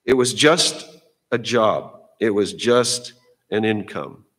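A man's voice: lowish voice, slow, a bit bright, long reverb tail. A middle-aged male pastor giving a sermon in a church, talking to the congregation in a folksy, conversational way and often repeating words as he goes. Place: church sanctuary.

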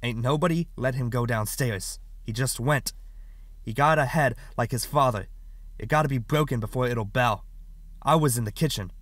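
A man's voice: mid-range voice, normal speed, fairly bright tone, dry recording, lightly acted. A man voicing a stubborn, defensive mother, answering firmly and defiantly. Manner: firm, defiant replies.

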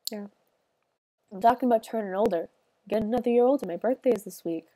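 A tearful, sniffly young woman talks on a gaming stream in a soft, halting ramble full of fillers. Her voice sits a little high, and the sound is close and dry with no room around it. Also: no echo. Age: young adult. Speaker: livestreamer. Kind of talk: casual stream chat while gaming.

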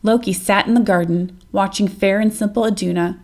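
A woman reading an old myth aloud as a narrator, gentle and measured. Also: mid-range voice, fairly even intonation. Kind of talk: storybook read-aloud narration.

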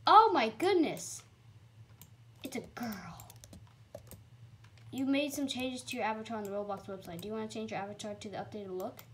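A young woman giving chatty, excitable commentary while playing a computer game, with sudden high squeals. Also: fairly quick, a little hiss or hum. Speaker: gamer. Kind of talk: casual gameplay commentary.

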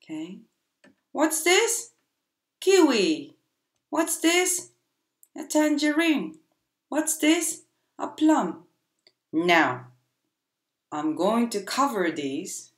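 A woman teaching a playful vocabulary game to children, speaking in a slow, exaggerated teacher voice. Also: lowish voice, very animated. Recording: echoey room.

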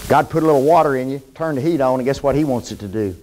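A man teaching a Bible class sermon in a church, folksy and animated, often asking the class questions. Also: medium pitch, very fast, slight background noise. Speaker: preacher.

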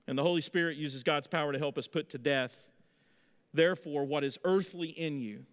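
A man in his thirties preaching a sermon in a church, telling folksy stories with lively energy. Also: fairly high pitch, normal speed, long reverb tail. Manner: folksy storytelling, animated. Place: church sanctuary.

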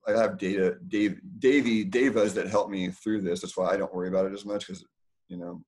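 A middle-aged man hosting a casual community talk from his house, rambling and digressing as he explains. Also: on the low side.

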